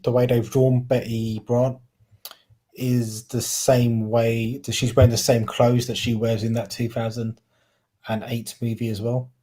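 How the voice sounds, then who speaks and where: Co-hosting a relaxed podcast conversation, a Cockney man speaks in a mellow, mid-range voice. He rambles, stumbles over words, and frequently corrects himself partway through sentences.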